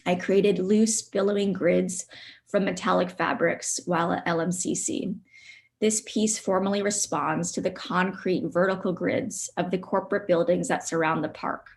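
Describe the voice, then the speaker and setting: A woman artist presenting her work on a video call, soft-spoken and reflective, with frequent ums. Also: fairly low pitch, steady tone, moderate pace, gravelly. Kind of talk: virtual studio visit presentation.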